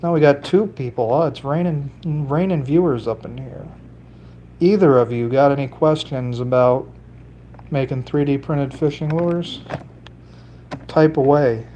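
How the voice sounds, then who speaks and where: A man's voice: medium pitch, a little slow, warm tone, dull audio, a little hiss or hum. A man chatting casually on a solo livestream, rambling and cracking jokes to viewers while he works with his hands, with a slight put-on Italian lilt. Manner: rambling, jokey, talking to chat while working. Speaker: livestreamer building fishing lures.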